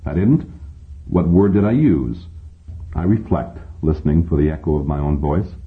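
A man reads a first-person story aloud, wry and conversational. His voice is very low. The recording is thin and tinny, like a phone line. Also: normal speed. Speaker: audiobook narrator. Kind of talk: first-person audiobook narration.

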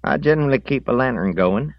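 Man narrator voices a high-pitched, twitchy boy, anxious and overeager, in a dry, slightly dull audiobook recording. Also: animated, quick pace, no echo, natural voice. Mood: nervous. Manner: high, nervous, eager to please. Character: scrawny nervous boy, high-voiced and jittery.

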